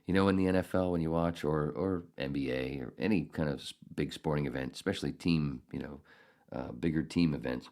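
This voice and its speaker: A middle-aged man hosting a podcast, telling a story in a casual, profane, animated way with bursts of outrage. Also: rumbling low, fairly quick. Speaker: podcast host.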